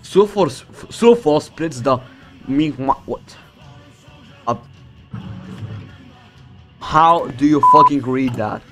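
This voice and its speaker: A young man from the Balkans casually commenting on his strategy game, boasting, swearing and joking to himself as he plays, with loud music behind him. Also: a little high, expressive, slow, pauses often. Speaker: streamer playing a strategy game. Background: loud background music.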